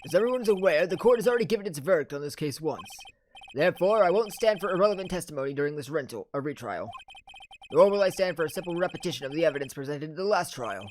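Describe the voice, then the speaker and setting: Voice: mid-range voice, lively intonation, fast, slight background noise, natural voice. A player voicing a stern, fussy elderly male judge in a game, speaking formally. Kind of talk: reading game dialogue aloud.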